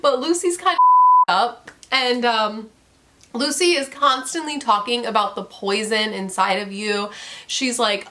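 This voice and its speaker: A woman's voice: mid-range voice, a little slow, pushed and bright. A young woman casually reviewing a book, rambling and candid, swearing and laughing often.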